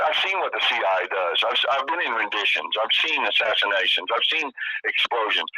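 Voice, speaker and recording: A man's voice: fairly low pitch, sharp tone, no echo, lo-fi sound. An older man, a radio show guest, giving impassioned testimony with emphatic, repeated phrases.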